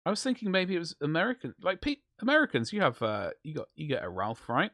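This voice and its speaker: A man chatting away on a live stream as he paints, with a lively, swooping delivery. He rambles and jokes through loose, casual banter. His voice sits close and dry, with no room sound. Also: a little high, quick pace, no echo. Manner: rambling, jokey banter with chat. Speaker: livestreamer.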